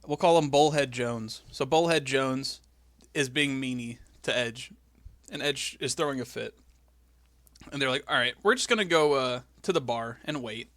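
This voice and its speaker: A man's voice: medium pitch, moderate pace, a bit bright, dry recording. A man co-hosting a casual comedy podcast, chatting about a wrestling show and acting out scenes with silly voices. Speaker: podcast co-host. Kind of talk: casual comedic recap chat.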